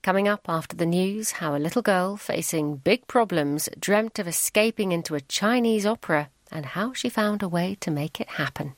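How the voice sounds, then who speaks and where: Lady presenter telling a story calmly, dry studio mic. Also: fairly low pitch, moderate pace, few pauses, dry recording. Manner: calm storytelling delivery. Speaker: radio presenter. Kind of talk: scripted radio narration.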